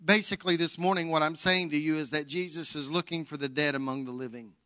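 Bright-voiced preacher, dry close sound. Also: male voice, a little high, steady tone, fast talker, dry recording. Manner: dynamic, swings from loud to hushed. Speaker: pastor. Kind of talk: Easter sermon with storytelling.

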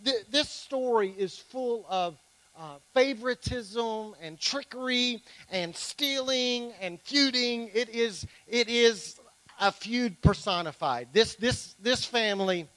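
A man's voice: extremely high pitch, slow, fairly bright tone, dry recording, rough recording. A man preaching a sermon to his congregation, emphatic, with playful joking asides. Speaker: pastor.

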